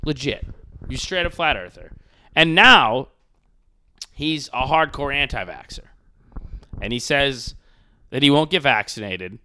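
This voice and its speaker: A man's voice: medium pitch, measured pace, long pauses. A man hosting a podcast, ranting casually with crude jokes and mocking impressions. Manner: animated, profane, mocking impressions. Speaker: podcast host.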